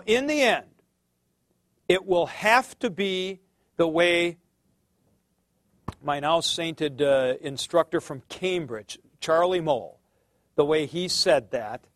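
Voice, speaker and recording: A man's voice: on the high side, no echo, studio quality. A middle-aged man giving a casual theology lecture, rambling, with many fillers and restarts. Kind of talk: conversational lecture.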